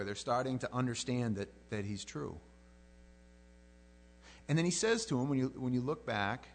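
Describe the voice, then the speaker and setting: A male preacher delivering a sermon in a loose, conversational way, with a mid-range voice. He often stumbles and restarts phrases as he gets animated. A faint hum sits underneath. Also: mid-range voice.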